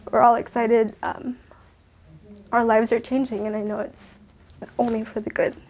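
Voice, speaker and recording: Bubbly young woman, higher voice. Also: moderate pace. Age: young adult. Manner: bubbly, excited. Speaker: Bible school coordinator. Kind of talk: testimony interview.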